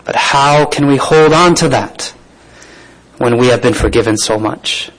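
Male preacher, mid pitch, reads scripture and adds informal comments to the congregation. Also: measured pace, rough recording. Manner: reads scripture then comments with asides and soft laughs. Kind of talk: sermon.

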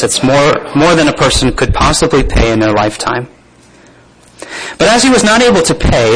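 A man's voice: fairly high pitch, a little hiss or hum, rough recording. A man preaching a sermon to a room of listeners, reading scripture aloud and breaking off into plain spoken asides and questions. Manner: reads scripture then comments with asides and soft laughs.

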